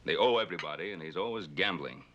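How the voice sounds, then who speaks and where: A man's voice: deep voice, animated, quick pace, lo-fi sound, noisy background. An actor playing a stern older rancher and father of grown sons, speaking earnestly in a 1960s television western.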